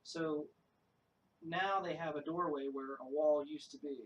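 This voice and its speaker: A man's voice: a little high, steady tone, a little slow, lo-fi sound. A man and paranormal investigator explaining the layout of a basement in casual group chat, plain and hedging with um and like. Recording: distant mic with faint noise.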